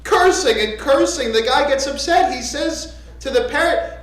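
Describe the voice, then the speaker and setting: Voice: high-pitched, lively intonation, normal speed, few pauses. A rabbi giving a conversational, joking sermon from the pulpit of a synagogue. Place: synagogue sanctuary. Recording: echoey sanctuary.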